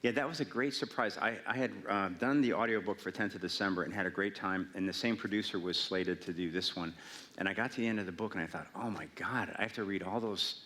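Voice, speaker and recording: A man speaking a little low in pitch answers audience questions at a library event. He is casual and wry, and he jokes about himself as he goes. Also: fast talker, bright, forceful tone. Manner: wry, self-mocking humor. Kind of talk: casual Q&A talk. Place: public library event hall.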